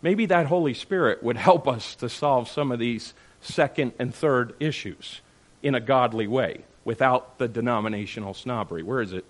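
A man's voice: medium pitch, normal speed. A man leading a church group discussion, speaking emphatically and checking in with the group with "all right?" and "okay?". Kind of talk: animated teaching talk to a group.

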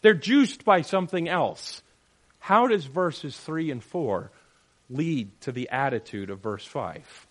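A man leading a Bible study group, teaching in an animated, questioning way and acting out quotes. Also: a little high, slow.

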